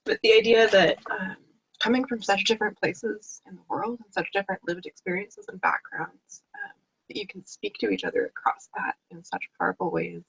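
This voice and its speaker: A woman's voice: mid-range voice, sing-song, a little fast, vocal fry, a bit bright, breathy edge, dull audio. A woman speaking on a webinar panel as a book contributor, earnest and heartfelt, over a video call. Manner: earnest, heartfelt, tearful at times. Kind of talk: emotional webinar panel talk.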